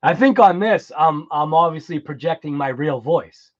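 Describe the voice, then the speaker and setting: A man's voice: fairly high pitch, moderate pace, highs cut off. A man with a US East Coast accent hosting a casual remote-control hobby livestream, chatting and reacting to viewer comments. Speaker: RC livestream host.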